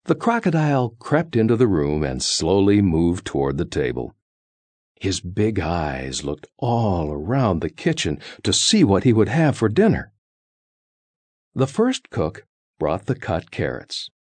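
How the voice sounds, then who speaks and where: A man reading a children's story aloud in a slow, expressive, sing-song way. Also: low-pitched, no room sound.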